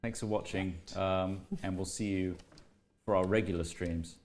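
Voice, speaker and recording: A man hosting a gaming stream, relaxed and friendly as he thanks the audience and signs off. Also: low voice, normal speed, a little hiss or hum. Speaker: stream host.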